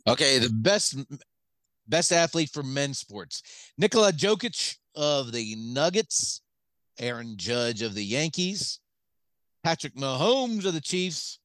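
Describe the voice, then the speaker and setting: A man's voice: mid-range voice, very animated, slow, fairly bright tone, dry recording. A man co-hosting a sports podcast, reading out questions with dry humor. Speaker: podcast co-host. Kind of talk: casual sports chat.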